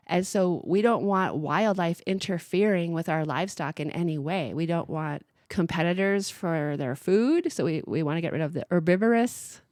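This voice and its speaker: A woman's voice: on the low side, moderate pace, hardly any pauses, darkish tone, no room sound, studio quality. A woman co-hosting a radio talk show, explaining earnestly in a casual discussion with frequent restarts.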